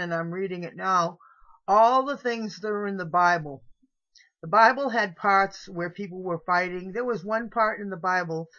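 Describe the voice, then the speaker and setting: A woman's voice: fairly low pitch, a bit bright. A middle-aged woman talking straight to camera in a rambling, confessional monologue, with frequent restarts. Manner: rambling, meandering, with trailing restarts. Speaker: vlogger. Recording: dull lo-fi home video audio.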